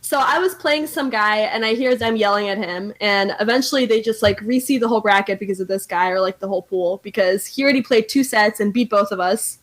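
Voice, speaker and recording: A woman's voice: mid-range voice, a little fast, few pauses. A young woman guesting on a podcast, telling a story in casual chat with lots of fillers and laughter.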